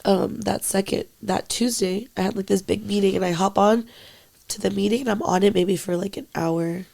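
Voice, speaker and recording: A young woman co-hosting a casual podcast, speaking haltingly with lots of "like" and swearing, quiet and emotional, at times dropping to near-whispers. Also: medium pitch, fairly even intonation, gravelly. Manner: halting, full of "like" and frequent swearing. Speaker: podcast co-host.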